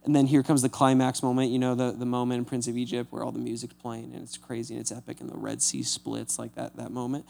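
Casual, animated male pastor preaching. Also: mid-range voice, fast talker, gravelly, hardly any pauses. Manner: casual, rhetorical "right?" asides; acts out scripture quotes with lively voices. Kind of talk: conversational sermon.

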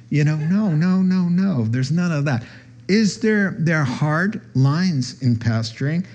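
A man's voice: moderate pace, a little mellow. A man preaching a sermon in a conversational way, acting out the voices of the people he quotes. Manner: conversational, acts out quoted voices with rising pitch. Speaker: pastor. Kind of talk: sermon teaching.

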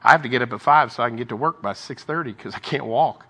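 Guy doing a laid back bible talk, bright voice, reads verses then chats about them. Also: medium pitch, quick pace, hardly any pauses. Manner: conversational, reads scripture aloud with asides. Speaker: lay preacher. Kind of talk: informal Bible devotional.

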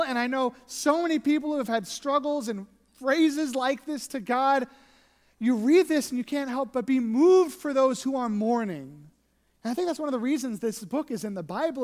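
A pastor preaching an earnest sermon, shifting between emphatic and hushed delivery. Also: medium pitch, long reverb tail.

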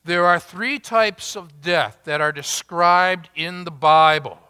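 A man preaching a sermon as pastor, emphatic and deliberate, asking the congregation rhetorical questions. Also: high-pitched, sharp tone, clean tone, big-room sound.

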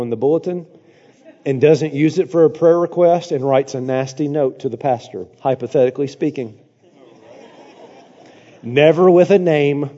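A man preaching a sermon in a church, dramatic, swinging from hushed to loud with sarcastic asides. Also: fairly high pitch. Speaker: pastor. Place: church sanctuary. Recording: dull, long church reverb.

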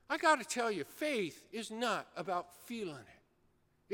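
A man preaching a sermon, telling an animated story with acted-out shouts. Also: high-pitched, measured pace. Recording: long hall reverb.

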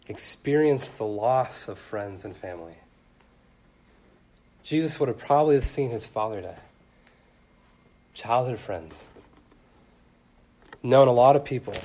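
Earnest young man preaching a sermon. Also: fairly low pitch. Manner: earnest, swells loud then drops soft.

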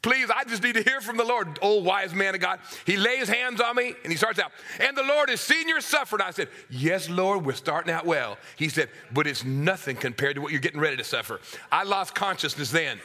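High, bright-voiced man preaching. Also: a little fast, hardly any pauses. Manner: dramatic, swings from hushed to loud acted voices. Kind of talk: sermon.

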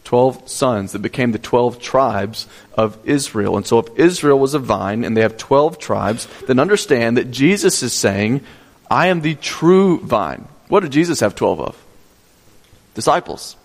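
A man's voice: medium pitch, animated, moderate pace, in a large hall. A male pastor preaching a sermon, teaching step by step, repeating key points and asking the congregation questions.

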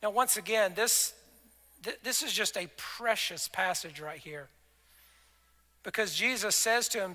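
A man preaching a sermon as pastor, conversational, acting out scripture dialogue and dropping to soft, intimate tones. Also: high voice, unhurried, pauses often. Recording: long reverb of a large hall.

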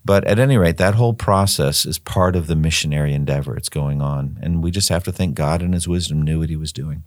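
A man's voice: rumbling low, a little fast, no room sound, studio quality. An older man, a former missionary, talking through a Bible study in a thoughtful, rambling way, often repeating words as he thinks. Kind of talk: conversational Bible study discussion.

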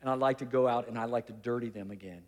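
A man voicing a calm, hesitant male teacher politely asking a favor, with filler pauses. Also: medium pitch, long reverb tail, voice pushed down, natural voice.

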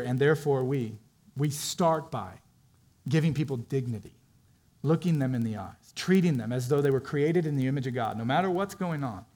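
A man preaching a sermon as pastor, animated and acting out quoted voices, moving between loud stretches and hushed ones. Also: on the high side.

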